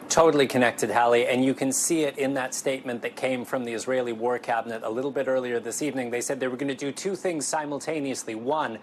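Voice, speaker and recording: A man reporting live on location as a foreign correspondent, explaining developments in a measured, informative way. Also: mid-range voice, steady tone, slight background noise. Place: on location at night.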